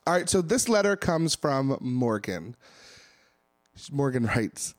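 A man's voice: mid-range voice, very animated, slow, long pauses. A young man co-hosting a casual podcast, telling stories bluntly with plenty of swearing. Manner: profane, blunt storytelling. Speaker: podcast co-host. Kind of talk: casual chat.

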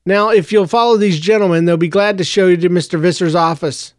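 A quick, businesslike receptionist woman, voiced by a man, rattling off instructions. Smooth and high, close and dry. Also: no room sound, close to an everyday voice. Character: brisk female receptionist.

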